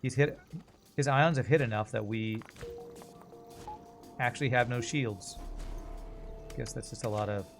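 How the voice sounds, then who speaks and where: Game streamer, man, East Texas accent, loose running commentary, soft music underneath. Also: mid-range voice, unhurried, pauses often. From American South. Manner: chatty, rambling, reacts to the game as he talks. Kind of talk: casual gameplay commentary.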